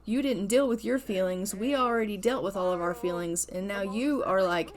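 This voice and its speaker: A woman voicing an earnest teenage son who calmly explains himself in a life-simulation game. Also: mid-range voice, normal speed, lightly acted.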